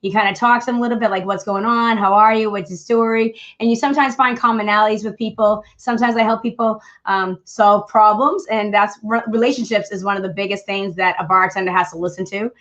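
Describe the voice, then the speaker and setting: A woman's voice: medium pitch, steady tone, fast, hardly any pauses, a bit bright, highs cut off. A woman from Boston with a Boston accent hosting a podcast, chatting casually with a lot of fillers. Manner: chatty, many fillers, friendly. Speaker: podcast host. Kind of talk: casual chat and solo talk.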